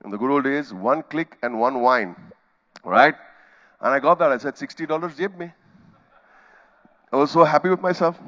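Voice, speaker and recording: A man's voice: medium pitch, normal speed, long pauses, sharp tone, muffled recording. A middle-aged man with an Indian accent giving a storytelling keynote, acting out scenes with sound effects and quoted voices. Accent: Indian English. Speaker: keynote speaker. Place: conference hall stage.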